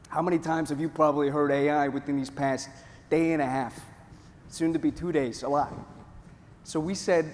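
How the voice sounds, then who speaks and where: A man from Northeast Pennsylvania giving a jokey, energetic conference talk to a live audience. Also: a little high. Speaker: conference presenter. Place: large conference hall. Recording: hall reverb, faint room noise.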